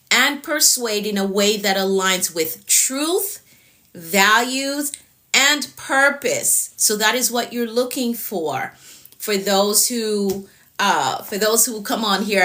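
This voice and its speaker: Fast-talking Jamaican woman coach. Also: fairly high pitch, pushed and bright. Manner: fast-talking, repeats "okay?" often. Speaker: productivity coach. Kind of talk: live-stream teaching.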